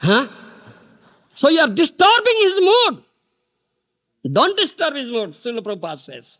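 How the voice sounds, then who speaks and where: Older man, indian accent, devotional lecture, high voice leaping up and down, bright tone, 1991 tape recording. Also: wildly swooping pitch, moderate pace. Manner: emphatic, asks listeners rhetorical questions, chants verses in Bengali. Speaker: spiritual teacher lecturing.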